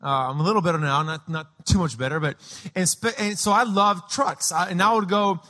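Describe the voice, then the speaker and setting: A man preaching a sermon, praying and then telling childhood stories from growing up in Peru, acting out voices with shouts. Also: sits high, brisk. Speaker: pastor. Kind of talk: sermon with personal storytelling. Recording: echoey hall with long reverb.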